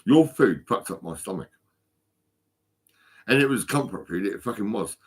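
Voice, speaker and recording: A man's voice: lowish voice, lively intonation, normal speed, husky. A stoned man rambling and swearing constantly into his phone for a vlog. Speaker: vlogger.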